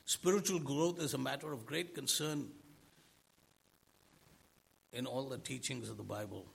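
Husky, gravelly-voiced preacher man. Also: mid-range voice, animated, normal speed, a bit bright. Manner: preaching with rhetorical questions to the congregation. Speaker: pastor. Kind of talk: sermon.

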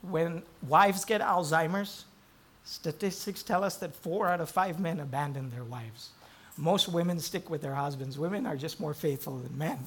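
A middle-aged male pastor preaching a sermon, dropping to hushed, low storytelling and then rising into loud emphasis. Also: moderate pace, slightly rough.

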